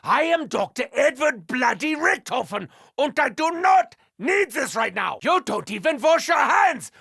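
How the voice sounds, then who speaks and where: An actor playing an unhinged, theatrical male German scientist in a game, with a German accent, shouting taunts and muttering erratically. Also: sing-song, unhurried, no echo, clean studio sound, full character voice. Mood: furious. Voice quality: gravelly, wildly swooping pitch. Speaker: game character voice lines.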